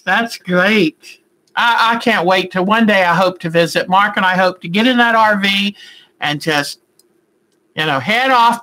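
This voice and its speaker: A middle-aged woman talks into her computer mic at home, hosting a quilting live stream. Her voice is bright and forward, and she chats affectionately with viewers, wandering from topic to topic and filling gaps with little fillers. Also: medium pitch, poor audio. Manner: chatty and affectionate, rambling with fillers. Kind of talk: casual live stream chat, answering viewer comments.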